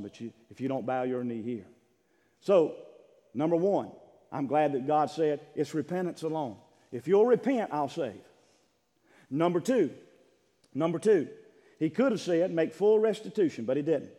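A high-voiced man preaches with fervor, his pitch leaping and dropping as he acts out what God says. The sound rings with the long echo of a large church sanctuary. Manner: impassioned preaching, voices God's words, swings from shouting to hushed. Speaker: pastor. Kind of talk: sermon.

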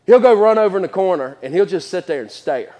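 A man with a high, light voice preaches a sermon in a reverberant church hall. His delivery is folksy and conversational, full of laughs, asides and repeated words. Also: expressive, quick pace, dark tone.

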